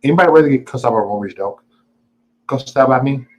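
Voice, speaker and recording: A man's voice: medium pitch, fast, poor audio. A man hosting a casual live stream, greeting viewers and ranting at them in a profane, taunting, boastful way. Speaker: livestream host.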